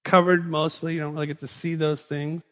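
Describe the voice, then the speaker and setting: Male pastor, fairly high voice, chatty animated storytelling, long hall reverb. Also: a little fast. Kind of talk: sermon.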